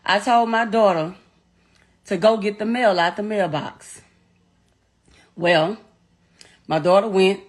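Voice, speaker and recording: A middle-aged woman gives a personal account in an interview, blunt, emotional and profane, repeating herself as she recounts. Her medium-pitched voice moves slowly, with long pauses.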